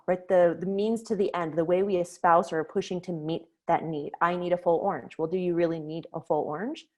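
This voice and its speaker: A woman leading a webinar on conflict resolution, explaining ideas clearly and telling a story to make her point. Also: on the low side, darkish tone. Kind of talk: webinar lecture. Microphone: webinar microphone.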